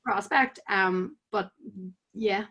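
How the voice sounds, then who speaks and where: A woman's voice: mid-range voice, extremely slow, pushed and bright. Young northern irish woman, casual podcast guest, chatty and rambling. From Tyrone, Northern Ireland. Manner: chatty, full of "like" fillers. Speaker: podcast guest, amateur boxer. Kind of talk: casual chat.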